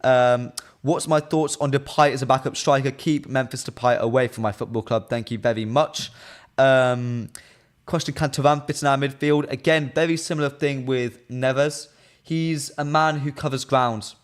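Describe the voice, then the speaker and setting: A man's voice: medium pitch, steady tone, moderate pace. A young man presenting a live football fan stream, chatting casually in an opinionated way and reading out viewer comments between frequent "um"s.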